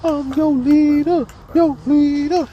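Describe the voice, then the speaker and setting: A man voicing a gruff chain-smoking older male schoolteacher, barking the same phrases over and over in a squeaky, dead-serious way. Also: steady tone, slow, dull audio, slight background noise. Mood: bossy.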